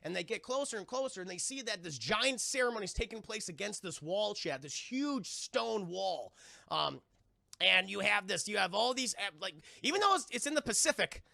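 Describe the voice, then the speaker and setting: High, gravelly, animated male streamer. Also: moderate pace, no room sound, studio quality. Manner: animated and profane, keeps addressing his chat; bursts into loud high laughter. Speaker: film reviewer streaming to chat. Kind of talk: casual livestream film recap.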